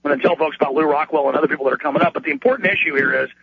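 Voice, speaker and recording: Man, radio host, husky voice, heated ranting delivery, dull lo-fi broadcast sound. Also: a little high, very fast. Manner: heated, ranting, repeats words when worked up. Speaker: radio talk show host. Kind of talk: impassioned radio monologue.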